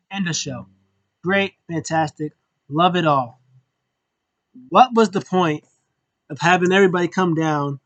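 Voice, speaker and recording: A man giving a casual, rambling show review, breaking into exaggerated high-pitched reaction voices. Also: no echo. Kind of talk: casual recap and opinion.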